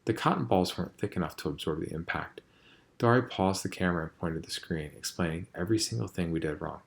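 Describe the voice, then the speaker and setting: A man reading a novel aloud in a measured, quiet storytelling manner. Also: low-pitched, creaky. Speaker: audiobook reader.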